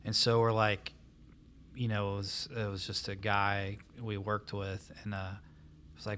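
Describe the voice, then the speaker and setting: Man, lowish voice, interviewer, hesitant, lots of fillers. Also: completely flat delivery, a little slow, fairly bright tone, slight background noise. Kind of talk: casual interview.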